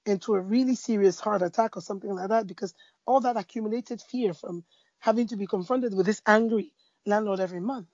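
A woman speaking about faith in a conversation, telling a parable with lively storytelling, fillers and restarts. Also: medium pitch, brisk, dry recording, dull audio. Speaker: Christian speaker. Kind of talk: preaching in a conversation.

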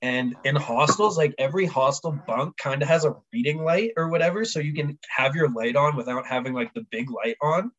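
A man's voice: fairly high pitch, brisk, few pauses, highs cut off. A man hosting a podcast, telling a travel story in casual chat and acting out the people in it. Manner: animated, acts out quotes with raised voice. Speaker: podcast host.

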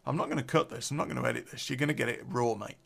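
A man's voice: medium pitch, rapid-fire, vocal fry. A man telling an unedited personal story on a podcast, blunt, sweary and rambling, drinking beer as he talks.

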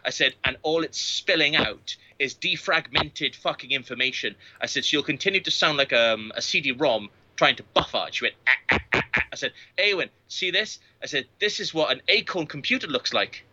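A man's voice: a little high, animated, normal speed, hardly any pauses, bright, forceful tone, highs cut off. A man in his late thirties, a podcast guest, telling crude, boastful anecdotes full of swearing in casual chat. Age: 30s. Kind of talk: casual storytelling.

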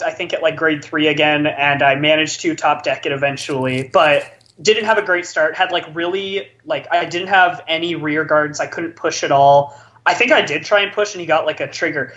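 A man's voice: on the high side, normal speed, bright, forceful tone, highs cut off. A man casually telling a long story among friends, rambling and filling his talk with likes. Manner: rambling, filler-heavy with many likes. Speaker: podcast co-host telling a story.

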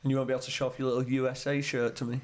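A man's voice: medium pitch, flat delivery, rapid-fire. A man co-hosting a soccer podcast, chatting and teasing his co-host in a foam-lined, soundproofed room. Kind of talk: casual chat.

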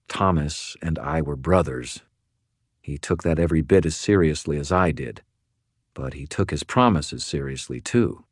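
A man giving measured, even first-person audiobook narration. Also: a bass voice, slightly rough, dry recording, studio quality.

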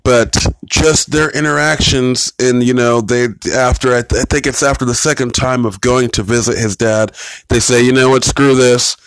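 A man's voice: mid-range voice, fairly even intonation, normal speed, fairly bright tone. A man with an ordinary mid-range voice talks loosely through a TV episode, blunt and profane as he recaps the scenes. His voice sounds dry and close, with no room echo. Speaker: TV episode reviewer. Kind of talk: casual rambling commentary.

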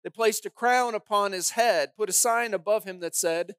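A woman's voice: medium pitch, moderate pace, clear, resonant tone. A woman pastor delivers a sermon with dramatic, emphatic storytelling. She presses home her points with pointed rhetorical questions. The sound is close and dry, with no room echo.

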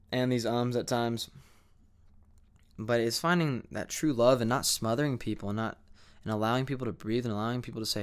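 A man's voice: mid-range voice, fairly even intonation, a little fast, clear, resonant tone. A young man talking candidly to camera in a rambling, reflective vlog monologue, full of fillers and restarts. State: sleepy, yawning. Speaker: vlogger.

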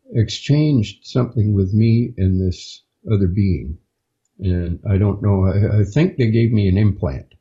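A man, a podcast guest, recounting a personal experience in a halting, unhurried way with frequent pauses, on a dull lo-fi recording. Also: on the low side, mellow. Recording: dull lo-fi sound.

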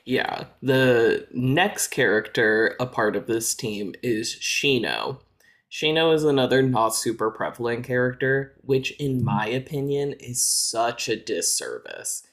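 A man's voice: medium pitch, lively intonation, a little slow, fairly bright tone. Laid-back man explaining at length. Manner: explanatory, filler-heavy with frequent "like". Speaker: podcast co-host. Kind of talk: casual chat.

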